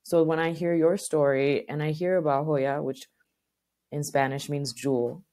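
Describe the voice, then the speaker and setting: A woman's voice: sits low, steady tone, normal speed, warm tone. A woman co-hosting a podcast, speaking in a thoughtful, reflective casual way. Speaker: podcast co-host. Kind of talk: casual chat.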